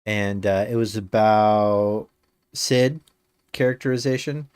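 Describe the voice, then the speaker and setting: A man streaming a game and chatting with his viewers in a low, unhurried voice. He rambles, fills gaps with ums and uhs, and drops dry jokes. The sound is close and dry. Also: darkish tone, clear, resonant tone, no room sound. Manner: rambling, dry joking with many fillers. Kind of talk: casual live-stream chat.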